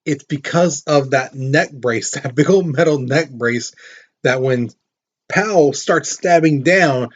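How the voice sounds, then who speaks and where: A man's voice: mid-range voice, slow pace. Male teacher, mid-range voice, chatty lecture that acts out the story; slightly dull recording. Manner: storytelling with acted-out quotes and questions to students. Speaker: history teacher. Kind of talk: casual classroom lecture.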